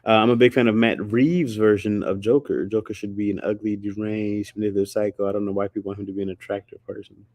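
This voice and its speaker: A man's voice: fairly low pitch, little pitch movement, fast, few pauses, a little mellow, no echo, clean studio sound. A man chatting casually on a livestream, slangy and rambling, laughing often. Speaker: streamer.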